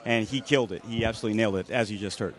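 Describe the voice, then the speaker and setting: A man's voice: on the low side, rapid-fire. A man guesting on an interview at a convention, talking eagerly and rambling about his fan film. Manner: eager, rambling, many fillers. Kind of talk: casual interview.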